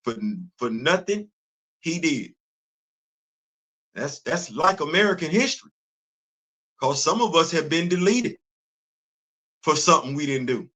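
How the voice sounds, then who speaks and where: A man hosting a casual live-stream commentary, animated and rhetorical, laughing often as he talks. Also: fairly high pitch, a little slow, pauses often. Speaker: host.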